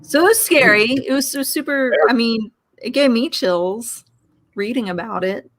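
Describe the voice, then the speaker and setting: A woman from Philadelphia, a guest on a casual chat show, telling animated anecdotes full of quoted dialogue. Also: a little high, normal speed.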